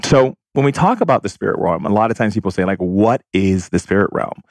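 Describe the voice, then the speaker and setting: A man's voice: on the low side, big pitch swings, moderate pace, hardly any pauses, darkish tone, no room sound. A man giving a spiritual monologue, effusive and breezy, full of "like" and "you know", breaking into whooping exclamations. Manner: heavy use of "like" and "you know". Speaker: spiritual teacher.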